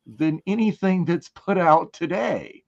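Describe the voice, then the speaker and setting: A man co-hosting a casual online panel discussion, talking in an animated, rambling way with frequent restarts. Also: fairly high pitch, unhurried, creaky, lo-fi sound. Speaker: podcast co-host.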